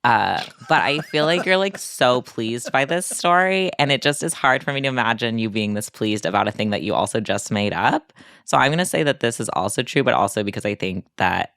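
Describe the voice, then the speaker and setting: A woman's voice: extremely low pitch, expressive, brisk, fairly bright tone, no room sound. A woman hosting a podcast, reacting playfully in casual chat. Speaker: podcast host.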